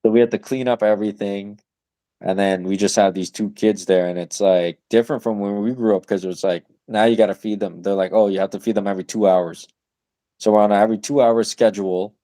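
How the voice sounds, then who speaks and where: A man's voice: lowish voice, fairly even intonation, brisk, warm tone, no echo. A young man in his twenties, a new father of twins, chatting loosely on a podcast with lots of fillers and the odd curse. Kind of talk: casual chat.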